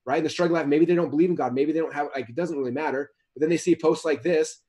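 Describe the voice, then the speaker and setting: Fast-talking man rambling with restarts. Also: on the high side, a little mellow. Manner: rambling, many restarts and repeated words. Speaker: guest author. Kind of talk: casual interview talk.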